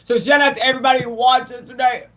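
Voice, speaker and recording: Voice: sits high, steady tone, quick pace, fairly bright tone. Laid-back, slangy live streamer. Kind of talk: casual live-stream chat.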